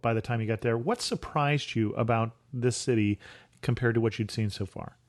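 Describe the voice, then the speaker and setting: Male travel podcast host, measured interviewer, dry close sound. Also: medium pitch, dry recording. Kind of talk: interview questions.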